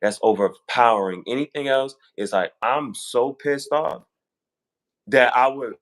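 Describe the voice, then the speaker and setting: Animated man telling stories casually. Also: medium pitch, measured pace. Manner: animated storytelling, acting out quoted voices. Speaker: guest on fashion talk show. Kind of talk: casual conversation.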